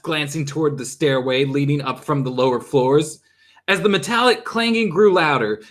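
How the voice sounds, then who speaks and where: A young adult man casually reading a chapter book aloud, stumbling now and then over the words. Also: fairly high pitch. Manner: lively, stumbles and laughs at own slips. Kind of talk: casual read-aloud narration.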